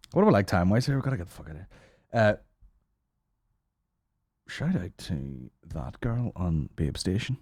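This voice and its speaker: A man's voice: on the low side, no room sound, clean studio sound. A man hosting a comedy podcast, rambling and swearing as he jokes. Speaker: podcast host. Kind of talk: casual comedy banter.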